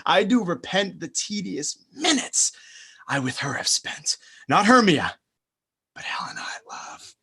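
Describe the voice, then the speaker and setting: A man's voice: sits high, very animated, a little slow, gravelly, husky, full character voice. Lysander, a man playing an ardent young lover. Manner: impassioned, swings between soft and loud. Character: young lovesick male nobleman. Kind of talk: Shakespeare stage reading over video call.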